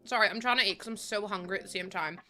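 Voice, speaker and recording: Bright-voiced young woman streaming. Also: medium pitch, racing, soft background music. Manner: chatty, laughs often, reads chat aloud. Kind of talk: casual live-stream chat while gaming. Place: room at home.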